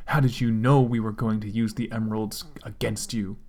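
A man's voice: lowish voice, little pitch movement, moderate pace, darkish tone, close to an everyday voice. A sadistic red hedgehog with a demon's tail, as a man puts him on speaks in a vengeful sneer. Every line drips with eager cruelty. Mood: enraged.

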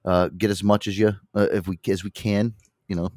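A man's voice: on the low side, fairly quick, dry recording, clean studio sound. A man hosting a casual radio show, telling crude, laughing stories and slipping into impressions. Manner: animated storyteller, swears freely, slips into impressions. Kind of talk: loose casual banter with crude humor. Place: small studio. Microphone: studio mic.

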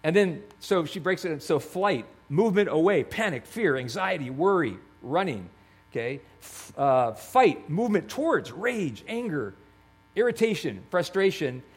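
Storytelling male pastor, slightly high voice. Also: very animated, normal speed, breathy edge. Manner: storytelling, conversational with many restarts. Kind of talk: sermon.

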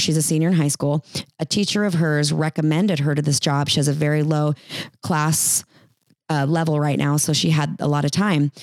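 A woman in her forties preaching a sermon, animated, acting out quoted voices. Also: low voice, no echo.

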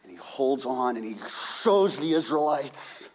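A middle-aged man preaching a sermon as pastor, telling the story dramatically with shouts and hushed whispers. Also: medium pitch, expressive, a little slow, in a large hall.

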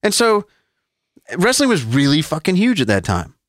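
Animated, profane man telling stories. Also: fairly high pitch, moderate pace, no echo, studio quality. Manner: profane, animated storytelling with laughs. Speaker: podcast co-host. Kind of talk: casual chat.

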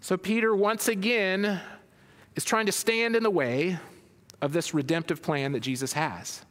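A pastor reads a scripture passage aloud, then explains it in his sermon, often restarting phrases as he thinks aloud. His voice is a little high for a man and a bit bright, with fairly even intonation and an unhurried pace. A long reverb trails his words, as in a large hall.

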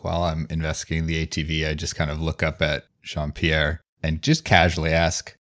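A man playing a tabletop role-play game, describing his character's actions in a relaxed way. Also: rumbling low, brisk, few pauses. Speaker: player.

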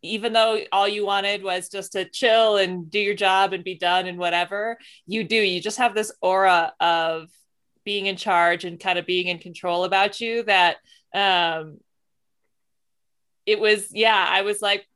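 A woman co-hosts a casual podcast and cheers her guest on with a warm, encouraging manner. Her voice sits at an everyday middle pitch. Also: fairly even intonation, measured pace, clear, resonant tone.

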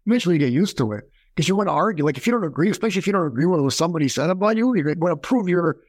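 A man talking as a podcast guest, animated and storytelling, acting out quoted voices as he explains. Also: a little high, racing, dry recording. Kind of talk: conversational interview.

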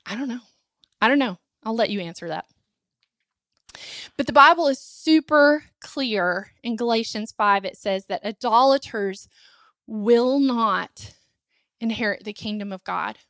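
A woman preaching a fervent sermon in a high, bright, piercing voice. She drives her points home with repeated lines and pointed rhetorical questions. The sound is close and dry. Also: measured pace, pauses often, no echo. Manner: impassioned, rising to near-shouting at climaxes; rhetorical questions and emphatic repetition.

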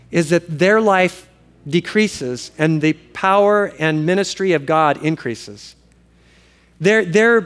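A male pastor preaching a sermon to his congregation in an earnest, emphatic way, building up repeated phrases. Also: fairly high pitch.

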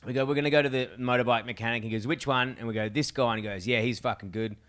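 A man's voice: mid-range voice, rapid-fire. A young Australian man co-hosting a podcast, telling road-trip stories in casual, swearing chat. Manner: swearing, storytelling, animated retellings. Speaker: podcast co-host.

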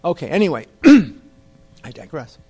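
A man's voice: a little high, wildly swooping pitch, measured pace, a little mellow, slightly rough. Wry storytelling man. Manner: self-deprecating, wry, conversational. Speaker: speaker at a recovery meeting. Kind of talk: humorous personal storytelling to an audience.

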